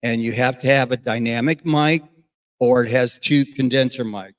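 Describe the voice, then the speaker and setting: A man's voice: mid-range voice, steady tone, normal speed. A middle-aged man giving a casual, rambling gear review as a radio host, with many fillers and restarts.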